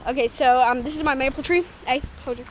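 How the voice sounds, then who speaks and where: A woman's voice: sits high, quick pace, slight background noise, low-quality recording. A woman from Canada walking through her backyard dirt track outdoors, rambling and chatty, giggling often as she talks to an action camera. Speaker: vlogger showing a homemade dirt bike track. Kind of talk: casual walkthrough narration.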